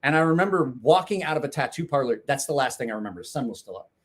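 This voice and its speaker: A man's voice: medium pitch, expressive, rapid-fire. A man telling a rambling, profane anecdote in casual chat, laughing along. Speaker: storyteller guest.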